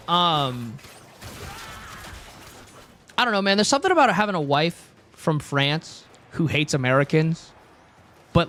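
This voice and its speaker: A man's voice: high-pitched, bright, forceful tone, a little hiss or hum. A young man streaming, chatting casually and rambling with jokes to his chat. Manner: rambling, joking, talks to chat.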